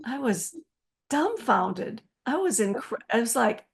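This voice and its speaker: A woman in her seventies, interviewed as an author, telling stories with animated energy and frequent laughter. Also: fairly high pitch, takes it slowly, vocal fry, husky. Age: 70s. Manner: animated storyteller, acts out quoted voices, laughs often. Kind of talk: storytelling interview.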